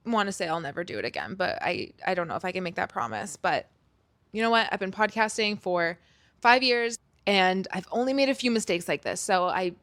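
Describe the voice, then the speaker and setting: A woman's voice: medium pitch, fairly quick. Chatty woman podcast host. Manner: chatty and animated, swears casually. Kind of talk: casual solo podcast chat. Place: room that sounds a little echoey. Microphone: built-in device mic, external microphone left unplugged.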